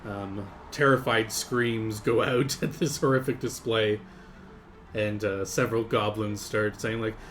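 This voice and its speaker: A man's voice: on the low side, measured pace, faint music behind. Laid-back male game master. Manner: relaxed narration with frequent laughs and fillers. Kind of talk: narrating a tabletop game on a live stream.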